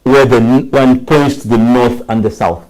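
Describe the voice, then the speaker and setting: A man's voice: mid-range voice, fairly even intonation, moderate pace, a little mellow, poor audio. A man who explains things eagerly as a guest in casual TV studio chat, often restarting his sentences. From Uganda. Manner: enthusiastic, explains with many restarts.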